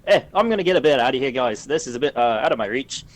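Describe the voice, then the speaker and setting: A man's voice: mid-range voice, expressive, rapid-fire, natural voice. A man voicing a frightened male crew member, attempting a shaky Australian accent while backing off. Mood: nervous. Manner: nervous, backing off.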